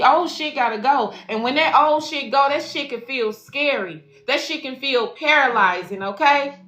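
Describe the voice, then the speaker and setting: Lady doing a spiritual reading, cusses a lot, bright tense voice, echoey room w faint music. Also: on the high side. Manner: profane, affectionate, preachy, addresses viewers as y'all and baby. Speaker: spiritual life coach and intuitive reader. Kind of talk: casual tarot reading livestream.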